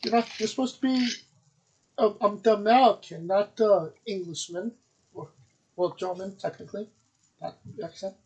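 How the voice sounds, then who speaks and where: A man's voice: high voice, moderate pace, a little mellow, breathy edge, poor audio. A man hosting a wrestling podcast, upbeat and rambling with plenty of ums and uhs. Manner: upbeat, rambling with many fillers. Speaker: podcast host. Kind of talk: casual chat.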